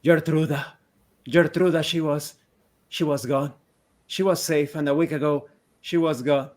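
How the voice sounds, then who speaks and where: A man's voice: fairly high pitch, steady tone, measured pace, a little mellow, lightly acted. A man voicing a grieving, half-mad village mother who pleads in broken, repeated phrases.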